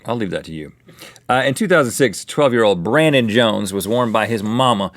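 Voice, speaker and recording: A man co-hosting a comedy talk show, his pitch swinging widely as he jokes and tells stories. His voice is dry and close, with no room sound around it. He keeps a playful, teasing tone. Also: expressive, moderate pace, a bit bright, no echo. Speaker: co-host. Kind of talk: comedic casual banter.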